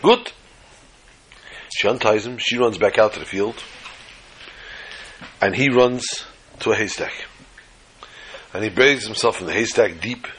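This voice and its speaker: A man telling a religious tale in a sermon, animated and dramatic, with a husky voice. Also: lowish voice, moderate pace, pauses often, a little hiss or hum, poor audio. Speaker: religious storyteller. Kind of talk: storytelling sermon.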